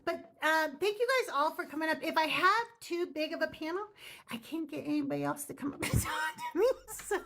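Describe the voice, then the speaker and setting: A woman's voice: high-pitched, brisk, creaky, a bit bright. A woman hosting a casual debate livestream, bubbly, laughing often and swearing casually. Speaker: podcast host.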